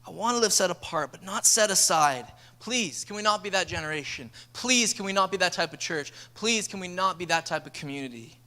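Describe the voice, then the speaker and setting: A high-pitched, energetic male pastor preaches to his church. He tells stories with lively momentum and slips into voices for the people in them. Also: fairly quick, few pauses. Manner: energetic, storytelling, acts out dialogue. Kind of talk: sermon. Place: church sanctuary.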